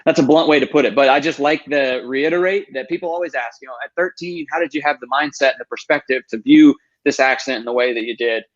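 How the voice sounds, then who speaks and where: A man's voice: mid-range voice, fast, hardly any pauses, dull audio. A man in his thirties, a guest on an interview show, telling his story earnestly and with emphasis. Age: 30s.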